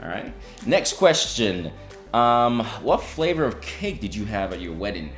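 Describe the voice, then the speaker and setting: A man's voice: on the low side, sing-song, unhurried, echoey room, faint music behind. A young man co-hosting a couple's vlog, chatting casually and playfully. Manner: playful, laughs often. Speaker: vlog co-host. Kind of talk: casual chat.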